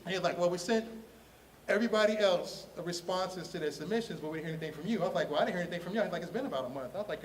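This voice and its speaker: A man from Ohio, a comic artist telling his story in a lively, slangy way, laughing often and acting out the voices of the people in it. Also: high-pitched, racing, far from the mic, slight background noise. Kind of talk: animated storytelling on a podcast.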